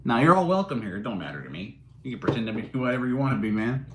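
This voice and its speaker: A man's voice: medium pitch, very animated, racing. Man chatting on an echoey livestream. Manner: joking, rambling, chuckling while reading chat. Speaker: livestream host. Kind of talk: casual livestream chat answering comments. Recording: roomy echo.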